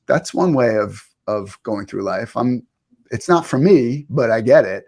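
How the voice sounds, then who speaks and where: A middle-aged man, a guest author, explaining ideas in a thoughtful, wry, measured way. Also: mid-range voice, expressive, a little mellow. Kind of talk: reflective interview talk.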